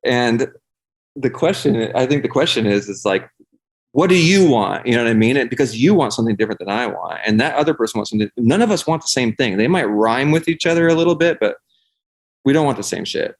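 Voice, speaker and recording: A man's voice: medium pitch, lively intonation, fast. A young adult man talking casually as a podcast guest, rambling and swearing a lot, filling his talk with "like.". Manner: rambling, profane, heavy use of "like". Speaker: podcast guest, singer and life coach. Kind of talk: casual conversation.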